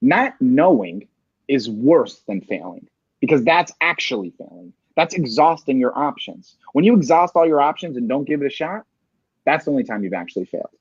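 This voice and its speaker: A man's voice: medium pitch, animated, moderate pace, husky, no echo. A man in an interview, giving motivational sales advice and often ending points with "right?". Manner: emphatic, rhetorical "right?" tags. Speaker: sales coach, interview guest. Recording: dry, muffled lo-fi sound.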